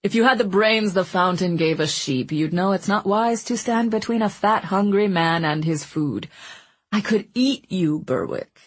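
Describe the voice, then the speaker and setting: A woman voicing a fat, greedy Genovese man who jokes and banters loudly about food in a storybook reading. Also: medium pitch, normal speed, slightly rough, close to an everyday voice. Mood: mocking. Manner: jovial, bantering, relishing food.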